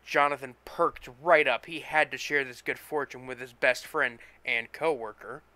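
A man reading a short story aloud with plain, steady storytelling. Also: medium pitch, moderate pace. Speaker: narrator, story reader. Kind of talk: story narration.

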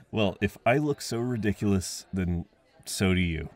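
A man voicing a friendly young man at a party, talking gently and coaxingly with frequent chuckles, in an audio role-play. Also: on the low side, expressive, slow pace. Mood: gentle, teasing.

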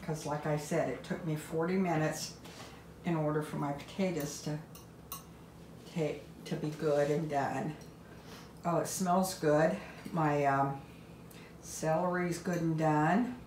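A woman's voice: sits low, steady tone, slow, long pauses, darkish tone. An older woman hosting a home cooking video, chatting in a homey way and talking while she tastes the food. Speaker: home cooking channel host. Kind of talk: casual cooking demonstration. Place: home kitchen. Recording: echoey kitchen, faint background noise.

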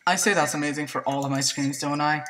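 A gameplay commentator chatting to viewers in a let's play, excitable and prone to yelps and shrieks at surprises. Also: mid-range voice, quick pace, far from the mic, poor audio. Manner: chatty, talks to viewers as "guys".

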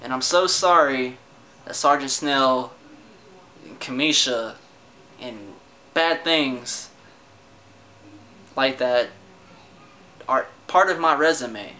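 A young male vlogger rants to his camera about personal matters, sounding defensive and frustrated, swearing heavily and often breaking off to restart sentences. His mid-range voice is slow and sharp, with frequent pauses, captured in low quality on the camera mic.

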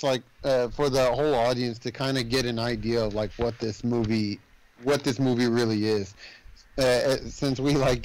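A man's voice: medium pitch, rough recording. A man hosting a casual movie podcast, retelling a plot in a rambling way with lots of fillers and acted-out quotes. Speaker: podcast host.

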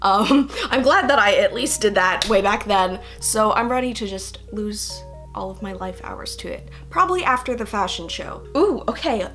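A woman's voice: medium pitch, lively intonation, moderate pace, fairly bright tone, soft background music. A young woman, a fashion student, chatting casually to camera in a bubbly, giggly, playfully rambling way.

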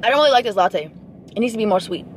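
A woman's voice: medium pitch, lively intonation, racing. A young woman chatting casually to her vlog camera, sassy and talkative, talking back at other drivers. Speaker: vlogger. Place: in a car while driving, then at home. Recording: noisy car recording with wind.

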